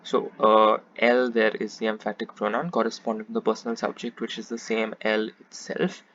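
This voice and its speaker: A man's voice: on the low side, monotone, a little fast, fairly bright tone. Patient man tutoring French grammar. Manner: patient, methodical, repeats each example in French then English. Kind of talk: explanatory grammar lesson. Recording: slightly muffled with faint background hiss.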